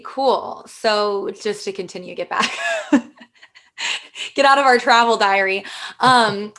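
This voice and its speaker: A woman's voice: mid-range voice, fairly bright tone. A woman hosting a podcast interview, speaking in an enthusiastic, affirming way. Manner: enthusiastic, affirming, lots of fillers. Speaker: podcast host. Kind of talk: casual interview chat.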